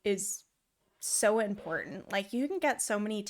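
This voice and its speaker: A young woman streamer chatting casually over gameplay, with a high, girly, valley-girl way of talking and a lot of giggling. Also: expressive, moderate pace.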